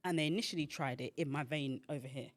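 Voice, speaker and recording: A woman's voice: low-pitched, fast. A woman hosting a podcast, telling a personal story in a chatty way, full of fillers and acted-out quotes. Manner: chatty, filler-heavy, acts out quoted voices. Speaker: podcast host and founder.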